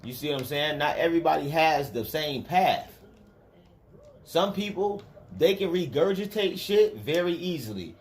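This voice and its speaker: A man's voice: a little high, lively intonation, normal speed. A man hosting a casual livestream who tells rambling, profane stories in a loose, offhand way. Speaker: livestream host and spiritual teacher.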